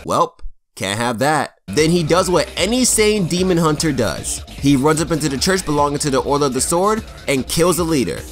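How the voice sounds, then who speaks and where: A man's voice: on the high side, animated, fairly quick, hardly any pauses, soft background music. A man co-hosting a comedic game story recap, joking and cursing as he goes. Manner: profane, joking, acts out characters. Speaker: co-host.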